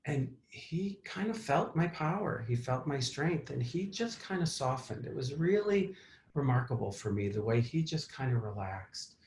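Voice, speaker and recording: A man at mid pitch hosts a therapy talk and shares a personal story in an open, reflective manner. He pauses and restarts often. His voice sits in a roomy, echoing space. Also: animated, a little mellow, slight background noise. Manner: candid and reflective, with fillers and restarts. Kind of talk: personal story told to an audience.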